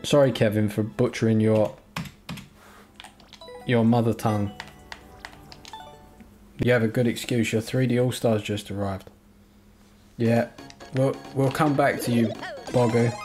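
A man's voice: mid-range voice, fairly even intonation, a little slow, long pauses, a little mellow. A man streaming a video game, chatting casually, joking and thanking his viewers. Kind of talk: casual live-stream commentary. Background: game music.

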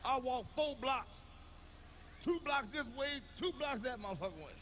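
High, bright-voiced profane stand-up man. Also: moderate pace. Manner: loud, profane, animated storytelling with shouted bits. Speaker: stand-up comedian. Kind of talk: live stand-up comedy. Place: comedy stage before a live audience. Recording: live show recording with reverb and noise.

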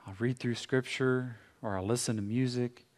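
A middle-aged American pastor preaching a sermon with dramatic pauses, now and then acting out voices. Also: male voice, medium pitch, steady tone, a little mellow. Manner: dramatic pauses, acts out God's voice and a busy morning. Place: church sanctuary.

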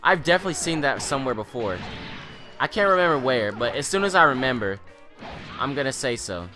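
Excitable teen boy gaming commentator. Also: mid-range voice, brisk, over music. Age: teens. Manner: excitable, rambling, self-mocking. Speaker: gaming channel host. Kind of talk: gameplay commentary.

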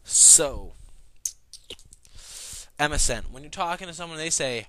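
A young man vlogging a rambling comedic rant, swearing and bursting into shouts. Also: a little high, normal speed.

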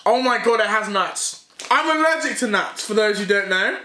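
A young British man on a casual taste-test vlog, reacting loudly and with excitement. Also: sits high, moderate pace. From United Kingdom. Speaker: YouTuber. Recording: echoey room with loud music.

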